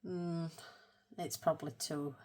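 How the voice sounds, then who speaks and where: Low, slow-talking woman painting. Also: fairly even intonation, a little mellow. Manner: chatty, rambling, self-mocking. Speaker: art channel host. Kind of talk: casual colour-with-me chat.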